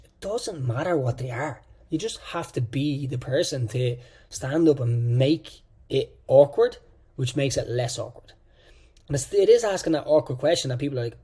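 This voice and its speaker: On the high side, warm and husky, the man's voice keeps a moderate pace. He's a fitness coach giving an online coaching course lecture, direct and casual, with phrases repeated for emphasis.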